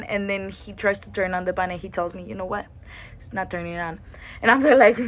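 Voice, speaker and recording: A young woman vlogger casually retelling a hectic trip, acting out what people said with laughs along the way. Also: mid-range voice. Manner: animated retelling with quoted dialogue and laughs. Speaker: travel vlogger. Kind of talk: casual storytime.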